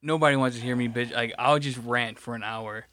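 A man at mid pitch co-hosting a podcast from his computer chair at home. He talks bluntly and swears often, with self-deprecating humor, and the sound is close and dry with no room echo. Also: fairly even intonation, a little fast, pushed and bright. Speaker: podcast co-host and editor. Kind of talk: casual chat.

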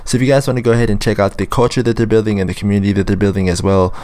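A man hosts a laid-back interview podcast, his low voice still a bit rough from the morning. He chats easily, laughs often and fills pauses with ums. The sound is dry and close, with no room around it. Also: darkish tone, no room sound. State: shaking off morning voice. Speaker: podcast host. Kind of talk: casual interview chat.

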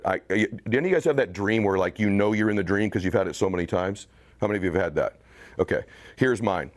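Motivational speaker, man, forties, American, low-pitched, intense and emphatic. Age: 40s. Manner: intense, building to emphatic urging. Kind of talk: motivational speech to a team.

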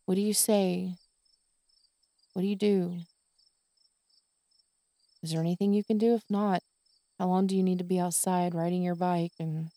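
Tired woman ranting + cursing on her podcast, mellow voice, dry close sound. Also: fairly low pitch, no echo. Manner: exasperated, swearing, tired ranting. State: exhausted. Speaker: podcast host. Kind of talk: venting monologue.

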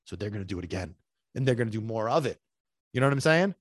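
A man's voice: fairly low pitch, animated, fast, dry recording, clean studio sound. A middle-aged man, a dog trainer hosting his podcast in casual talk, emphatic and repetitive, often asking whether listeners follow him.

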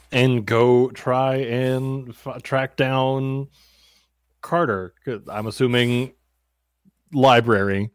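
A man playing his character in a tabletop role-playing game, playful and quick to laugh. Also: medium pitch, steady tone, clean tone, dry recording, clean studio sound. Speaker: player.

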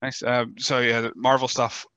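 A man's voice: medium pitch, flat delivery, moderate pace, pushed and bright, no room sound, dull audio. A man with a northern Scottish accent hosting a podcast, chatty and self-deprecating. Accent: Scottish, northern Scotland. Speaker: podcast host. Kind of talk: casual interview chat.

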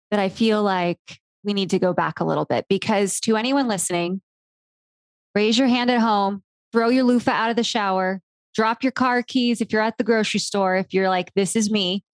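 Woman podcast host, mid-pitched and lively, jokey analogies, dry close sound. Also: moderate pace, no echo. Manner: animated storyteller, playful analogies, mild swearing. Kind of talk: casual interview chat.

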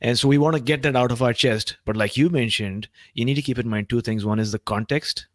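A man hosting an interview podcast, talking thoughtfully and often pausing with fillers while he looks for the right words. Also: medium pitch, no room sound, clean studio sound. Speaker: podcast host.

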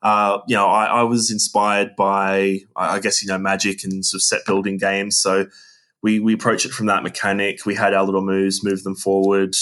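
Low guy, game designer guest, stops and restarts a lot, chuckles. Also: completely flat delivery, fairly bright tone. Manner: halting, restarts often, laughs easily. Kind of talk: casual interview chat.

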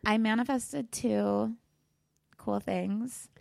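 Animated storytelling woman guest. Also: fairly high pitch, very slow, creaky, no echo. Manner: animated storyteller, acts out quotes, swears casually. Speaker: podcast guest. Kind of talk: casual podcast chat.

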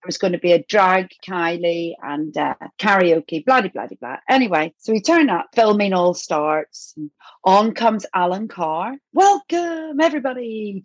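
Husky Irish woman telling lively stories. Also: medium pitch, no echo. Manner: lively storyteller, acts out quotes. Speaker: podcast guest. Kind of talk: animated anecdote-telling.

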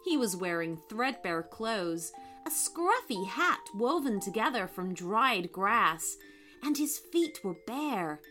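A woman narrating a children's story in an expressive, unhurried way. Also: medium pitch, soft background music.

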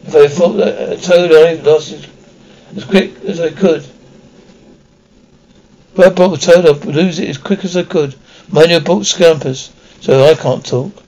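Male reader doing an offhand, grumbling boy wizard for an audiobook. The voice is gravelly. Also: a little high, steady tone, measured pace, pauses often, darkish tone, rough recording.

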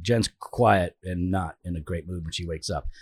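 A man in his forties with a low, husky voice talks at a normal speed with no echo. As a podcast co-host in casual chat, he teases his friend and tells stories with lots of animation, even acting out his own shouting.

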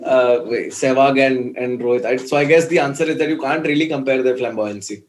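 A man's voice: medium pitch, brisk. A man hosting a casual cricket chat, joking and reading out viewer messages. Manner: jokey, mixes Hindi into English, reads viewer messages. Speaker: podcast host.

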